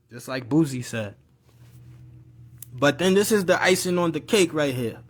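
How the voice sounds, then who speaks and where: A young man telling a personal story in a live video, in slangy casual speech, acting out his relatives' voices. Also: fairly high pitch. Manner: animated storyteller, acts out family voices.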